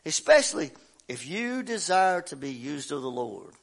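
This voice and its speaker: A man preaching a sermon to a church congregation, fervent and rhythmic, swinging between shouted climaxes and quiet, low asides and calling out to the crowd for response. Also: sing-song, moderate pace, gravelly. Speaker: pastor. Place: church service.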